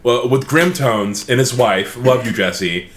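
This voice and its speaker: A man co-hosting a comedy podcast, telling stories in an animated, excitable way. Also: mid-range voice, a little slow, roomy sound, a little hiss or hum. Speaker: podcast co-host. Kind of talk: casual chat.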